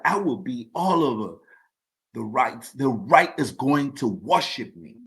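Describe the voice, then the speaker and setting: Emphatic podcast host, man. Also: medium pitch. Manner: emphatic, repeats words when building a point. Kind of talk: opinion monologue.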